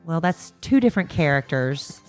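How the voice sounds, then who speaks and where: A woman's voice: low-pitched, expressive, normal speed, smooth, faint music behind. A middle-aged woman co-hosting a podcast in casual chat, venting frankly while fighting a cold with a stuffed-up nose. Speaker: podcast co-host.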